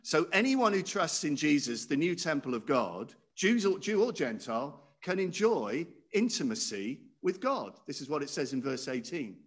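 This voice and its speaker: Speaking at medium pitch with a fairly bright tone, a man delivers a conversational sermon and frequently puts questions to the audience.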